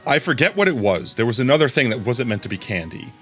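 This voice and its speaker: A male streamer chats loosely to his audience at an ordinary mid pitch, circling back over his own words and chuckling between thoughts. Faint music plays quietly behind him. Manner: rambling, repeats words, laughs often. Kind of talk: casual stream chat.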